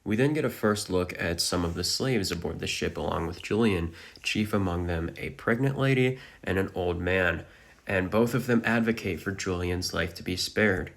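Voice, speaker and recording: A man's voice: low voice, normal speed, vocal fry, fairly bright tone. A man narrating a dramatic recap of a manga chapter.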